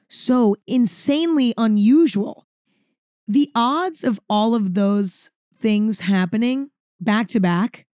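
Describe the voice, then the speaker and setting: A woman's voice: mid-range voice, dark tone, no echo, studio quality. A woman vlogger telling a story to camera in a casual monologue, dramatic and emphatic, repeating words for effect and swearing freely.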